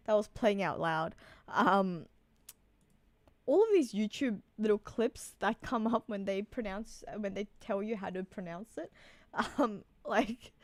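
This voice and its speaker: A woman's voice: mid-range voice, dry recording. A woman chatting casually on a live stream, reading out and answering viewer messages. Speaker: streamer reacting to a manga chapter.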